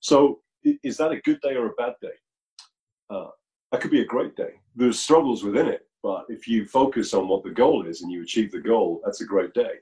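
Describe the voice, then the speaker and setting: Mellow low-voiced man on a video call. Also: animated, normal speed, poor audio. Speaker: musician guest. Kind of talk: casual video call interview.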